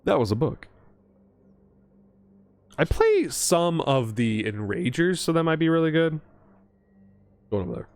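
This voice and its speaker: Excitable young man opening card packs. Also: on the high side, no echo. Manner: excitable, reads card text aloud quickly, gasps and laughs often. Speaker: card pack opening streamer. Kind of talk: casual commentary while opening card packs.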